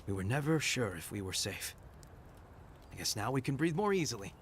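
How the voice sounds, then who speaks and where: An actor playing a relieved, friendly crew leader in a video game. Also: male voice, medium pitch, big pitch swings, a little fast, slight background noise, lightly acted.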